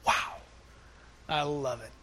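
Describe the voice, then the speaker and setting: A man preaching a sermon, animated, acting out little scenes and swinging between loud outbursts and hushed asides. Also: medium pitch, slow. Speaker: pastor.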